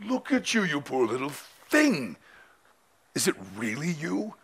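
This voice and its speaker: Man doing a fallen angel voice, male, patronizing, condescending, soft mocking tone, gravelly. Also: on the high side, very animated, a little slow, heavily acted.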